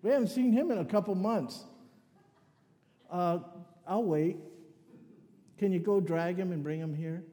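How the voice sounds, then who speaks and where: Mellow-voiced older man preaching in a hall. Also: high-pitched, unhurried, pauses often. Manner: anecdotal, joking asides. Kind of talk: sermon. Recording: long hall reverb.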